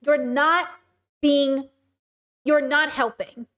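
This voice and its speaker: Woman livestream commentator, high voice, stern and direct, reads out chat and answers it. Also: moderate pace. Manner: passionate, direct, animated argument. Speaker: streamer and commentator.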